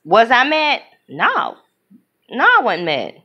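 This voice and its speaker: A woman giving an opinionated movie review in casual talk, emphatic and animated, often acting out what other people say. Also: a little high, slow. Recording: dull lo-fi sound.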